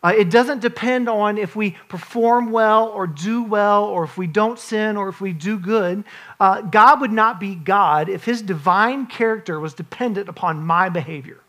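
A man's voice: high voice, normal speed, a bit bright. A man in his forties, a pastor, preaching an earnest, conversational sermon with frequent restarts and asides.

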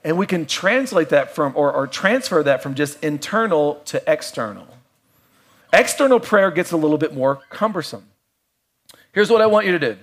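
A middle-aged man with a voice pitched a little above most men preaches in a loose, conversational way. He mixes playful asides with hushed, reflective stretches. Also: lively intonation, moderate pace. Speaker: pastor. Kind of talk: sermon.

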